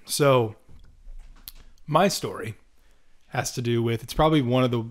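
A young man co-hosting a podcast, telling a story in a casual, animated way, with ums and some throat clearing. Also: medium pitch, unhurried. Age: young adult. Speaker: podcast co-host.

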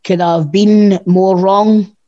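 A man's voice: high-pitched, steady tone, slow pace, dry recording, dull audio. A Scottish man co-hosting a podcast, chatting casually with blunt, sweary banter. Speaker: podcast co-host. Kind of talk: casual chat.

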